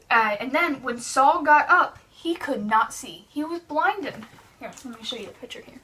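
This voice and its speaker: Young woman doing kids church, bright lively voice, a bit far from the mic. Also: sits high, normal speed. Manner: lively, animated storytelling with restarts. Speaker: children's church teacher. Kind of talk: Bible story for kids.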